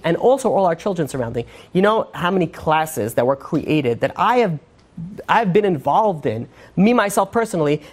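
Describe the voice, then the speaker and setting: A male rabbi giving a casual sermon, telling a story in a rapid, rambling way, full of fillers and restarts. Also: high voice, a little mellow.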